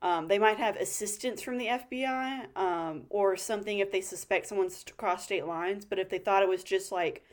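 A woman's voice: mid-range voice, moderate pace, hardly any pauses. A woman co-hosting a podcast in casual chat, making blunt points with plenty of swearing. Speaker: podcast co-host.

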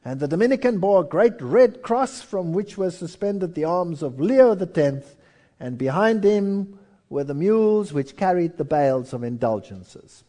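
A man's voice: sits high, measured pace. A male preacher delivering a sermon in a storytelling way, acting out voices as he tells history. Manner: storytelling, animated, acts out voices.

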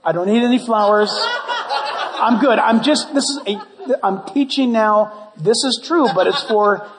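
A man preaching a sermon as pastor, animated and conversational with jokes. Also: extremely high pitch, a little slow. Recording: long church hall reverb.

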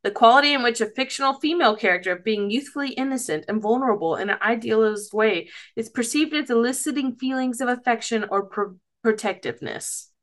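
A woman recapping a cartoon episode in a loose, rambling way. Her voice is bright and a little high, and she giggles and loses her place now and then. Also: a little fast, hardly any pauses. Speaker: podcast co-host.

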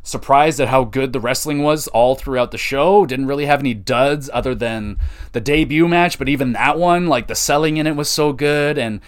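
On a solo podcast, a man with a clear, resonant mid-range voice and moderate pace casually reviews a wrestling show. He rambles loosely, uses plenty of fillers and swears casually.

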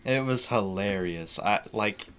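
A man's voice: lowish voice, unhurried, clean tone. A young man in casual chat, telling a funny story with frequent laughs. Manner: laughs often, animated storytelling.

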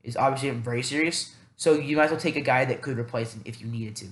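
A man hosts a casual solo podcast, thinking aloud in a rambling, self-deprecating way packed with fillers. His voice is mid-range and fast, with a roomy sound.

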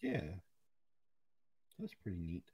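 A man's voice: low voice, wildly swooping pitch, slow pace, vocal fry, a little mellow, husky, dry recording, clean studio sound. A young man co-hosting a podcast in laid-back casual chat, swearing casually and laughing often. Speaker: podcast co-host.

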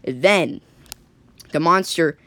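A woman's voice: deep voice, slow pace, sharp tone. A woman telling an improvised story in a rambling way, full of likes and restarts. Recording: faint background noise.

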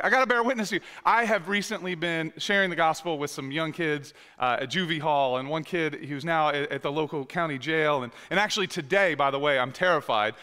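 A man's voice: a little high, sharp tone. A male pastor preaching a sermon, telling stories with lots of quoted dialogue and restarts. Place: church sanctuary. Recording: long church hall reverb.

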